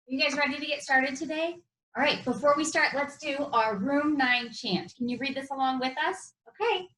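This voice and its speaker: A woman's voice: sits high, fairly even intonation, normal speed, sharp tone. A woman teaching first-grade reading, upbeat and encouraging, drawing out sounds for young children. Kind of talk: broadcast classroom lesson to children. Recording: roomy echo.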